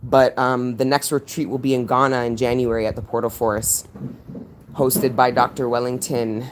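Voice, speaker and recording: A woman's voice: extremely low pitch, level tone, normal speed, slight background noise. Chatty affectionate woman livestreaming outdoors. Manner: chatty, affectionate, reads viewer comments aloud. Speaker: spiritual coach and retreat host. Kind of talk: casual livestream chat. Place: outdoors walking by water.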